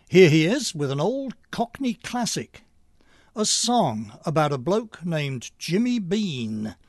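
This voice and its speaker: Wry older man with a lively voice. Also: fairly high pitch, no room sound. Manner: wry, dry humor, measured delivery. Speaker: host. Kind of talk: scripted monologue.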